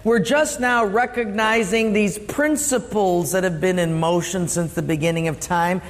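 High-voiced man preaching a sermon. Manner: asks the congregation questions, slows for emphasis. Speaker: pastor. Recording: long reverb of a hall.

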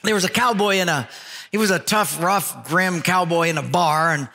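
A middle-aged male pastor preaching a folksy, animated sermon, telling funny stories and acting out their voices. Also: high-pitched, moderate pace, creaky. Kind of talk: sermon with storytelling. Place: church hall. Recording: long reverb of a large hall, music faint behind.

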